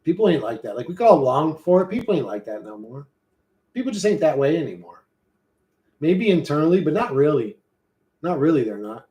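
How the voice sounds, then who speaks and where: A man's voice: a little high, big pitch swings, brisk, warm tone, echoey room. A man with an American accent streaming casually, rambling and swearing while he reads chat. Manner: profane, rambling, loose and joking. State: hot and sweating.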